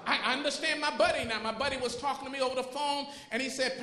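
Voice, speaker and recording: A man, a pastor, preaching a sermon with impassioned shouts and repeated rhetorical questions, recorded in a church sanctuary. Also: extremely high pitch, fairly even intonation, fast, hardly any pauses. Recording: echoey hall with long reverb.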